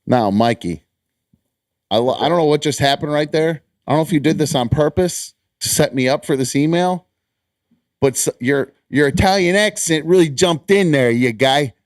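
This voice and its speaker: A man's voice: on the high side, normal speed, dry recording, clean studio sound. A man hosting a casual podcast, rambling and joking with many fillers. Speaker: host.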